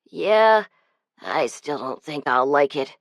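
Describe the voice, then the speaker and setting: A woman's voice: deep voice, expressive, slow, dry recording, studio quality, heavily acted. A woman voicing a shy, bookish young boy who answers reluctantly in a plain, lightly raised voice. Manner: reluctant, mumbling replies.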